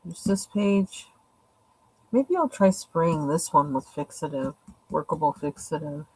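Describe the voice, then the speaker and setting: Low-voiced woman chatting casually. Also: expressive, unhurried, slightly rough, no room sound, poor audio. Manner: chatty, rambling, thinking aloud. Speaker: coloring channel host. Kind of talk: casual show-and-tell.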